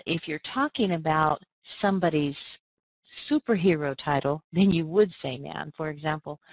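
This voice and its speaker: A woman's voice: low voice, no echo, low-quality recording. A woman, coaching pronunciation by answering listener questions and patiently modeling sounds and words aloud.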